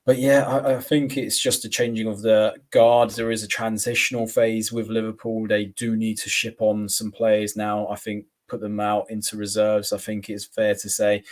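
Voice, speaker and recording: A man co-hosting a podcast, giving measured views on football and citing stats. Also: lowish voice. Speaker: podcast co-host. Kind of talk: casual football chat.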